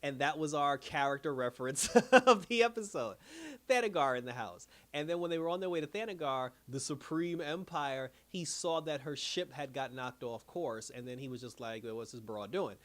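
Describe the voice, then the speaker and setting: Animated man recapping with fillers. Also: a little high, moderate pace. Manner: rambling, animated retelling with many fillers. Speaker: episode reviewer. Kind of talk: casual recap monologue.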